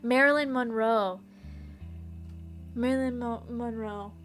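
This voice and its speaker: Her voice is on the high side, slightly bright, slow, and steady as she streams a detective game. She chats with viewers, laughs a little, and reads the game text aloud, while faint music plays in the background in this casual let's-play.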